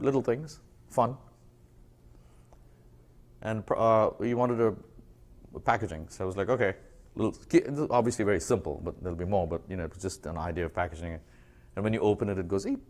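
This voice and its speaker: A man giving a conversational talk to an audience, animated and acting out bits of dialogue as he tells stories about his branding work. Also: on the low side. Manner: animated storytelling, acts out dialogue. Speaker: speaker presenting branding work.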